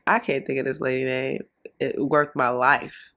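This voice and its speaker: A woman's voice: rumbling low, flat delivery, measured pace, fairly bright tone. Blunt gossipy woman commentator. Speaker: reaction commentator. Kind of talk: casual commentary on a reality show.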